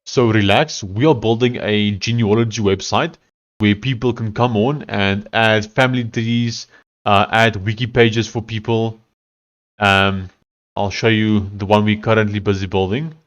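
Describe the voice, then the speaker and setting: A man's voice: fairly low pitch, steady tone, a little slow, muffled recording. A man chatting casually while he codes and tests his app, thinking aloud as he goes. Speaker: developer streaming his coding session. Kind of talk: casual live-coding chat.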